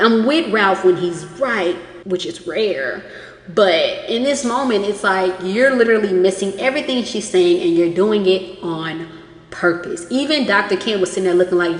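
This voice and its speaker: Woman, casual recap chatter, acts out quotes, mid pitch, roomy echo with long reverb. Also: lively intonation, normal speed. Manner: chatty, reenacts quotes from the show. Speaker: reality TV recap vlogger. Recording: echoey room with long reverb.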